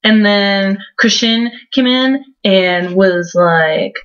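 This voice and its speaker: A woman's voice: medium pitch, drawn-out words, a bit bright. Young woman in her 20s, sarcastic vlogger, mocking book recap, muffled lo-fi sound. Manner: mocking, sarcastic, heavy use of "like". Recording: dull lo-fi home recording.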